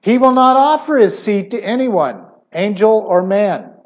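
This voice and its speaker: A middle-aged man preaching a sermon emphatically, his voice swinging suddenly between loud stressed words and quiet asides. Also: high-pitched, big pitch swings, unhurried, highs cut off.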